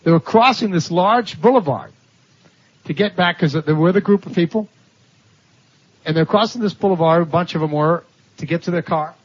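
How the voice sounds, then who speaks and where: A man with a high, husky voice tells stories from the pulpit with animation, acting out the voices of the people in them. The recording is dull and lo-fi. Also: moderate pace, long pauses. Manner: animated storytelling, laughing at his own stories, acting out quoted voices. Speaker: preacher. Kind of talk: sermon storytelling.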